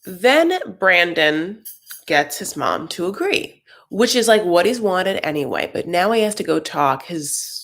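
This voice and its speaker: Gravelly, sassy recap host man. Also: sits high, sing-song, unhurried, a bit bright. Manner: sassy, gossipy, campy. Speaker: reaction show host. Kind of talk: casual TV recap commentary.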